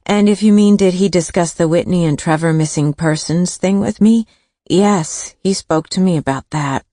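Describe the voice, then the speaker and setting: A woman's voice: fairly low pitch, normal speed, dark tone, no echo, clean studio sound, lightly acted. A woman voicing an older retired nurse who talks in a hesitant, confiding way, in an audiobook.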